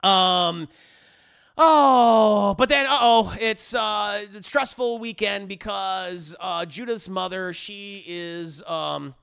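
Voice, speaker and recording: A man giving a rambling, comedic movie recap, animated and full of profanity and restarts. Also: high voice, slow, creaky, clean tone. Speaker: movie reviewer.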